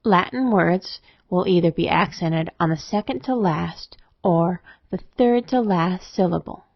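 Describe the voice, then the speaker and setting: Gravelly woman teaching spelling rules. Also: on the low side, unhurried, dry recording. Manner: steady, methodical explaining. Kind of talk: scripted instructional narration. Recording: dry, dull lo-fi voice-over.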